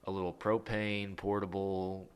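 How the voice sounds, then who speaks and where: A man's voice: low-pitched, flat delivery, a little slow, smooth. A man hosting a podcast, chatting casually and telling a rambling story with lots of fillers and easy laughs. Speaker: podcast host. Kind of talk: casual chat.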